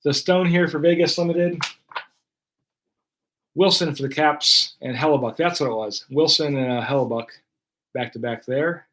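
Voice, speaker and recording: A man's voice: fairly high pitch, normal speed, long pauses, a bit bright. Chatty man calling out trading cards. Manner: chatty, running play-by-play of cards. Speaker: card break host. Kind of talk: casual live-stream commentary.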